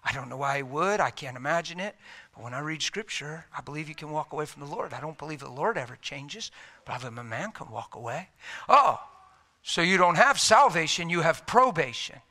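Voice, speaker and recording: Folksy, straight-talking male preacher, sharp and forceful delivery, a bit higher pitched. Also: lively intonation, fast. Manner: folksy, emphatic, talks straight. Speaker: traveling preacher. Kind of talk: sermon with storytelling.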